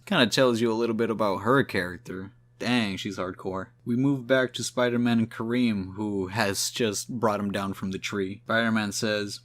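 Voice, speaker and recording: A man's voice: lowish voice, moderate pace, fairly bright tone. A man reviewing a comic book in a casual, slangy way, swearing now and then.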